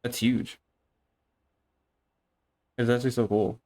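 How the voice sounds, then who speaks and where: Taking it slowly in a medium-pitched voice, a young man chats casually on a live stream. He rambles excitedly, swears a lot, and frequently restarts what he's saying.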